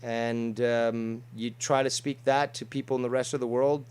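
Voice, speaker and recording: A man's voice: mid-range voice, flat delivery, moderate pace, darkish tone, clean tone. A man hosting a talk show, boasting and swearing heavily as he rambles with many fillers. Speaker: show host. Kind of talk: casual streamed talk show chat.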